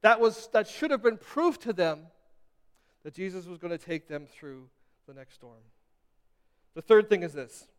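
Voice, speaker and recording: A man's voice: high-pitched, animated, unhurried, pauses often, smooth, in a large hall. A man preaching a sermon as pastor, repeating himself with restarts and building to emphatic peaks. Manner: repetitive, stammering restarts, building to emphatic crescendos.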